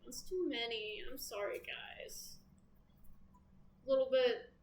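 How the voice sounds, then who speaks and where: A woman with a slightly high voice and a Southern American accent speaks at a slow pace while giving a casual, chatty tarot reading. She tosses in plenty of playful asides, and the echoey room carries faint background noise.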